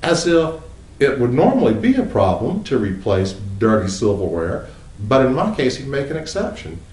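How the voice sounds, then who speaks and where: A man's voice: medium pitch, wildly swooping pitch, moderate pace, darkish tone, roomy sound, poor audio. A man, a writer giving a wry, humorous monologue and quoting others in mocking tones. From United States. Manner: wry, drawling, quoting others in mock voices. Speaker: writer and commentator.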